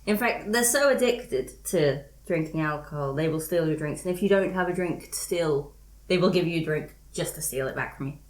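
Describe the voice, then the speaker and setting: Lower-voiced woman, chatty, roomy echo. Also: moderate pace. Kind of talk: casual chat, sharing a fact.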